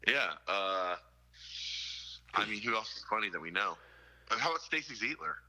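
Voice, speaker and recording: A man in his thirties hosting a podcast in casual chat, loud and laughing, with lots of swearing. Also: lowish voice, animated, normal speed, low-quality recording. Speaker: podcast host.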